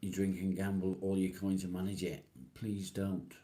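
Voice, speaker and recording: A man's voice: deep voice, level tone, moderate pace, mellow. A man from England, hosting a live stream and casually answering viewer comments one by one, calling people mate. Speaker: livestream host.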